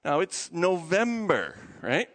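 A male pastor preaching a sermon as an animated storyteller who laughs often and repeats words as he goes. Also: on the high side, slow, long reverb tail.

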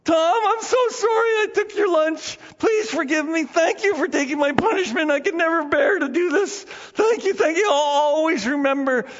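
A man voicing a poor, hungry ten-year-old boy with a squeaky voice, in a sermon story. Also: unhurried, creaky. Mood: tearful. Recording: dull sound with long hall reverb.

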